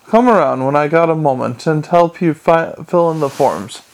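An earnest, courteous young watch captain from a storybook, as a man reads him. He speaks patiently and mildly, with a gravelly edge to a fairly high voice. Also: moderate pace, lightly acted, low-quality recording.

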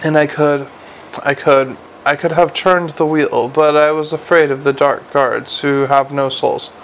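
A man reading a storybook and voicing a frightened, guilt-haunted young male dwarf who talks quietly and stammers. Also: on the high side, steady tone, unhurried, a little hiss or hum.

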